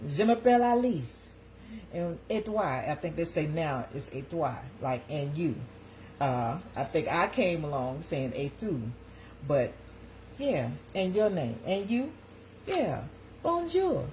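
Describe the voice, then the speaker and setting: A woman's voice: lowish voice, noisy background. A woman hosting a casual live-stream chat from her kitchen, folksy and chatty, talking straight to her viewers.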